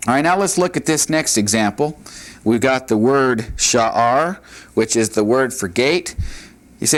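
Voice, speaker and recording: A man's voice: medium pitch, lively intonation, unhurried. A man teaching a Hebrew grammar lesson at a board in a classroom, patiently repeating key points with frequent "all right" and "uh".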